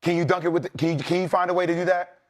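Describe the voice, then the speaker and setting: A man's voice: high-pitched, level tone, very fast, a little hiss or hum. A man who is a former player talking sports as a guest, blunt and streetwise, building into impassioned rants.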